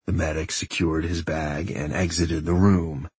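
A man reading a novel aloud as an audiobook narrator, in a steady, measured storytelling manner. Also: very deep voice, husky, no echo. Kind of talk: scripted narration.

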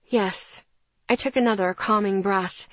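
A woman's voice: mid-range voice, a little slow, a bit bright, no echo. Woman narrator, first person, tense subdued read, dead dry close mic, mid voice. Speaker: audiobook narrator.

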